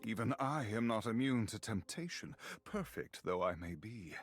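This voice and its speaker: An actor playing a pious male friar in a video game who hears confessions and secretly relishes the sin, with a formal, drawn-out manner. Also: lowish voice, animated, close to an everyday voice. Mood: sanctimonious. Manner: formal, drawn-out, sanctimonious delivery.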